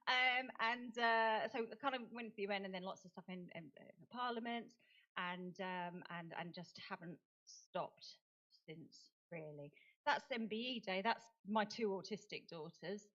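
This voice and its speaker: A woman's voice: medium pitch, normal speed, pushed and bright, highs cut off. A middle-aged woman giving a conference talk in a chatty, self-deprecating way, laughing often. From United Kingdom. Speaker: conference speaker and advocate. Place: conference venue.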